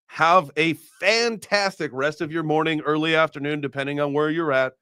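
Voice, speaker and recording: A man's voice: on the high side, normal speed, few pauses, sharp tone, clean tone, dry recording, studio quality. Joking, rambling male stream host. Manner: joking and rambling, swears casually. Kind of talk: casual live-stream chat.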